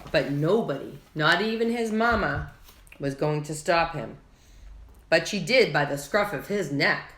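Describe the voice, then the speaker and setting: A woman reading a children's picture book aloud, slow and expressive, with lively character voices. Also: low-pitched. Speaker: children's story reader. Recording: echoey room.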